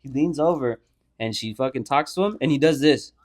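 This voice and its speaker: In a brisk, mid-range voice, a young man co-hosting a podcast casually relates a profane story. He tells it with animation, acting out the people involved.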